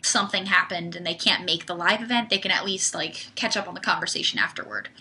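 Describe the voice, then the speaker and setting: A woman's voice: lowish voice, fast, pushed and bright, slight background noise. A young woman hosting a casual livestream, answering viewer questions in a chatty way full of "like" and "um". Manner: chatty, uses filler "like" often. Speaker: livestream host.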